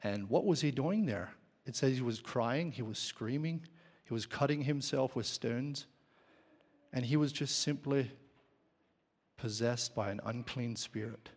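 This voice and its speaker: Male preacher, slow deliberate delivery, questions the pews, long reverb of a church hall. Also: mid-range voice, a little mellow, husky. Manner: questions the congregation. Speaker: pastor. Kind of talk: sermon.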